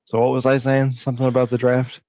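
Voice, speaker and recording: A man's voice: mid-range voice, completely flat delivery, fast talker, a little mellow, no room sound. A man co-hosting a sports podcast, talking in a laid-back, agreeable and dry way. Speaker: podcast co-host. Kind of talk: casual chat.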